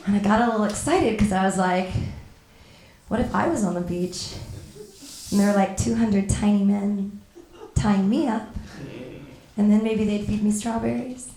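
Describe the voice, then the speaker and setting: A woman performing a stand-up comedy set, deadpan with sudden loud outbursts. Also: mid-range voice, normal speed, long pauses, reverberant.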